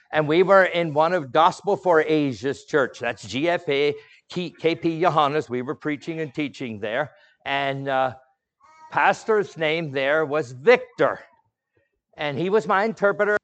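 A middle-aged male pastor preaching a sermon, telling a story with swings from hushed, soft lines to loud outbursts. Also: a little high.

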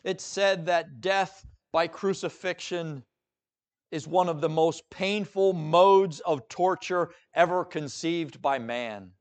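A male pastor preaching a sermon dramatically, moving between hushed and emphatic delivery. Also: a little high, takes it slowly.

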